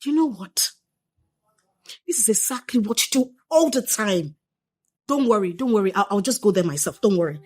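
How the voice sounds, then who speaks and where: A woman's voice: medium pitch, lively intonation, normal speed, long pauses, a little mellow, husky. An actress with a Nigerian accent playing a young wife who is exasperated with her neglectful husband and repeats herself when angry. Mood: annoyed. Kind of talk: Nigerian film drama acting.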